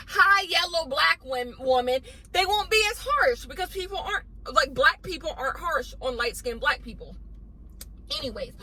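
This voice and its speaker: High, bright-voiced woman ranting bluntly. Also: low-quality recording. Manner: blunt, emphatic, repetitive. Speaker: commentary vlogger. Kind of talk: ranting commentary.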